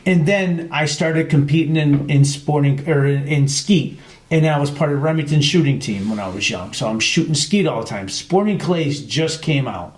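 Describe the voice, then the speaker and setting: A man's voice: on the high side, normal speed. A middle-aged man from New York, telling hunting stories in a casual podcast conversation. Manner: storytelling, animated retelling with quoted voices. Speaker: podcast guest, chapter president. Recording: echoey room.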